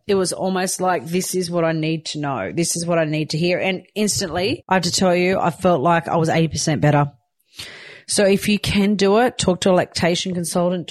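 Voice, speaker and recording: A woman's voice: on the low side, dry recording. Earnest woman, dry close sound. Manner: earnest, heartfelt, addresses viewers directly. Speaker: psychic medium and new mother sharing her story. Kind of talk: casual personal vlog.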